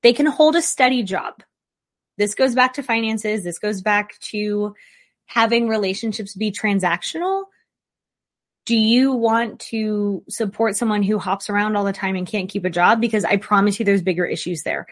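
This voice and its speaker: A woman's voice: medium pitch, normal speed. A woman therapist giving casual, direct relationship advice in an emphatic voice, firing off rhetorical questions. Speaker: licensed therapist.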